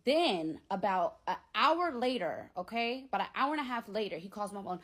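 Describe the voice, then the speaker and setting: A young woman tells a casual storytime to her viewers, blunt and animated, full of slang. Her voice is husky and a little breathy. Her pitch sits in the middle range for a woman. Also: moderate pace, few pauses.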